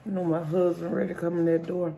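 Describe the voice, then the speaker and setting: A woman vlogger and comedian telling a joke while she eats at home. She is half asleep but tells the story in an animated way and laughs often. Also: lowish voice, fast, creaky, a little hiss or hum.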